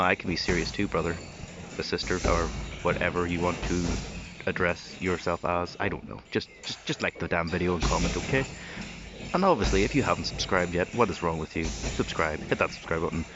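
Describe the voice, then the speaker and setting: A man's voice: deep voice, fairly quick. A man vlogging in a casual, teasing way, pushing viewers to subscribe. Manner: joking, teasing, pushy about subscribing. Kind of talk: casual video outro. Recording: dull lo-fi sound with music behind.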